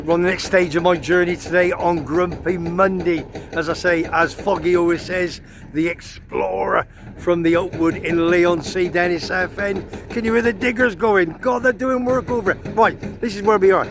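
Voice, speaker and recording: A man's voice: high-pitched, steady tone, moderate pace. An older English man from Gloucestershire, rambling cheekily through a casual vlog, filmed on a handheld phone outdoors. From Gloucestershire, England. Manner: chatty, cheeky, self-promoting. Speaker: vlogger. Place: outdoors on town streets. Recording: noisy outdoor phone audio. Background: traffic and street noise.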